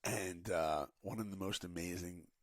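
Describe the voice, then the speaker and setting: A man's voice: deep voice, moderate pace, dry recording, clean studio sound. A man telling motivational stories as a podcast guest, acting out the quotes with a lot of energy. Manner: animated, acts out quotes. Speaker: podcast guest, animation director. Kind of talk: motivational storytelling.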